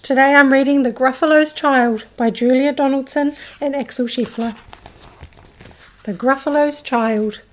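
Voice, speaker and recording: Slow, expressive New woman storyteller. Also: sits high, slight background noise. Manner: slow, expressive, doing voices for characters. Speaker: childcare storyteller. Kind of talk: reading a picture book aloud to children.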